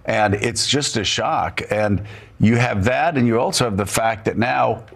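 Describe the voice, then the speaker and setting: A man's voice: medium pitch, unhurried, gravelly, fairly bright tone. A man hosting a political talk show, emphatic and heated, repeating words as he builds a point. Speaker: host.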